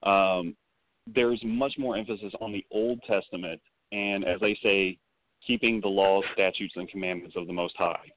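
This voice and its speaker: A man hosting a call-in interview, asking questions in a measured way. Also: low voice, fairly even intonation, no echo. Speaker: host. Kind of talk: call-in talk show interview. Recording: tinny phone-line call-in audio.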